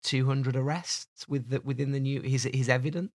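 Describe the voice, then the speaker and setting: A man's voice: medium pitch, fairly even intonation, moderate pace. Man, rambling casual chat, home podcast, laughs easily. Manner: rambling, chatty, laughs often. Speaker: podcast co-host. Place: home office.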